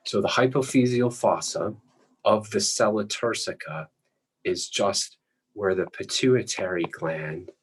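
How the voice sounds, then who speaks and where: A male lecturer explaining anatomy patiently while drawing, often clearing his throat. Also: fairly low pitch, measured pace, low-quality recording.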